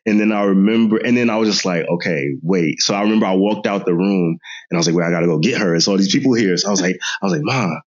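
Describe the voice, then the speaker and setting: A man in his thirties, a podcast guest, retelling a family story in a casual, animated way, mimicking others' voices and laughing often. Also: low-pitched, fast. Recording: dull lo-fi sound.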